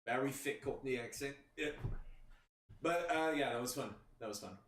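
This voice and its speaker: A man's voice: medium pitch, moderate pace. Man, podcast host, casual chat, rambling with restarts, echoey room, mic set back. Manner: rambling storyteller, many restarts and "you know". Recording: roomy, distant mic, faint background noise.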